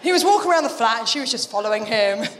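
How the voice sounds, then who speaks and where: Animated, high-voiced female comedian. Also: long reverb tail. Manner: animated, quick storytelling with swearing and asides. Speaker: stand-up comedian. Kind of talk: live stand-up routine.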